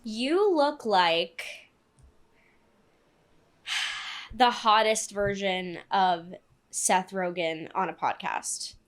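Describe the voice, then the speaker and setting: A young woman co-hosting a podcast, telling stories in a casual chat and acting out quotes with big jumps in pitch. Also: extremely slow, pauses often. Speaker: podcast co-host. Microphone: podcast studio mic.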